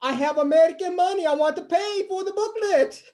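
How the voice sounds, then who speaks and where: A man's voice: very high-pitched, fairly quick, a little mellow. An actor playing a flustered foreign male graduate student who stammers and apologizes in a put-on accent, in an improv scene over a video call. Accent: foreign-sounding put-on accent. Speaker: acting student.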